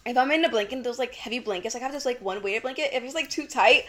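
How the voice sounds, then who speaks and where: Young woman on a chill podcast, talks super fast, tons of "like" and "girl", acts out her stories. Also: fairly high pitch. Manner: animated storyteller, acts out her own panicked shouts; swears casually, says "like" and "girl" often. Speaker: podcast co-host. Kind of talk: casual chat.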